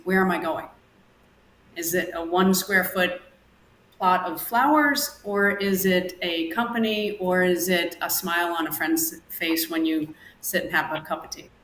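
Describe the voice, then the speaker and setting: A woman performance coach, a guest on an interview podcast, explaining her method in a measured, deliberate way. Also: on the low side, a bit bright, roomy sound, slight background noise, low-quality recording. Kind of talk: interview answers, coaching advice.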